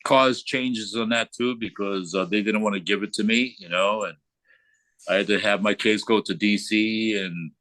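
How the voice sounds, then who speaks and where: An older man, a veteran, talking casually in an interview, blunt and profane, getting animated as he retells his story. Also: on the low side, moderate pace, dry recording. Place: remote call from abroad.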